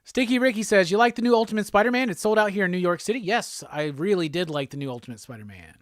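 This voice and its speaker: A laid-back man hosts a casual live stream and reads out viewer comments between easy laughs. His voice sits fairly high for a man. The sound is close and dry, with no room around it. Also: lively intonation, dry recording. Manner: laid-back, chatty, quick laughs, reads chat aloud. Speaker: host of a live pop culture show.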